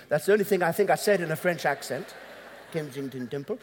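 A man's voice: a little high, expressive, fast talker, husky. A man pastor preaching a sermon in a conversational way, acting out dialogues and chuckling at his own asides. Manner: acts out both sides of dialogues. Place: large church hall. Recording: long hall reverb.

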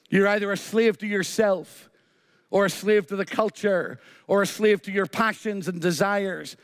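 There's a long hall reverb on this studio-quality clip of a man preaching. His voice sits high, and he hammers home repeated phrases while weaving a short story into the sermon.

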